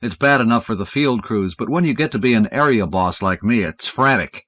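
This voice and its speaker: A man reading an audiobook aloud in an expressive narrating style. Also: mid-range voice, brisk, dry recording. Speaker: audiobook reader. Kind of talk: scripted narration. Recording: dull, dry 1970s audiobook recording.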